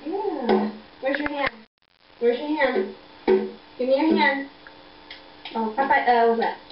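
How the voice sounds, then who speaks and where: Sing-song young mom in baby talk. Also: female voice, slow, music in the background. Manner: high sing-song coaxing, repeats simple prompts. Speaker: mother. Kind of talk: baby talk to a toddler on a video call. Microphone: computer video call mic. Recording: dull echoey video-call audio, faint noise.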